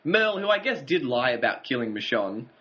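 A man's voice: mid-range voice, sing-song, brisk, bright, forceful tone. A man co-hosting a casual TV review chat, recapping the plot and chuckling now and then. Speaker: podcast co-host. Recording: dull lo-fi audio.

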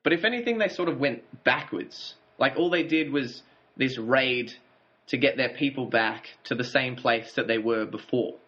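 A man's voice: medium pitch, moderate pace, fairly bright tone. A man co-hosting a casual TV review chat, recapping the plot and chuckling now and then. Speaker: podcast co-host. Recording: dull lo-fi audio.

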